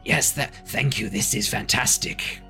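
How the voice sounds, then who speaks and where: A man voicing a strong, eager wolf-man who speaks slowly, politely and simply. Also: mid-range voice, vocal fry, music in the background.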